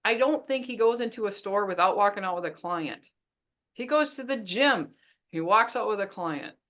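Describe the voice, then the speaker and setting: A woman business coach teaching a webinar in a lively, chatty way, laughing often. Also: mid-range voice, moderate pace.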